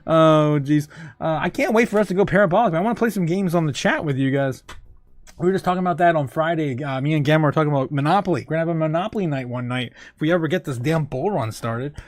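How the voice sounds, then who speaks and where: A man hosting a casual livestream, reading news and chatting with viewers, full of fillers and quick laughs. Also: on the high side, no echo. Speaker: crypto show host.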